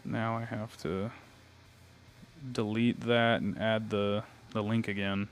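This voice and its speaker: A young man with a fairly low voice talks slowly and flatly on a live stream. He greets viewers and thinks aloud as he posts online, with faint metal music in the background.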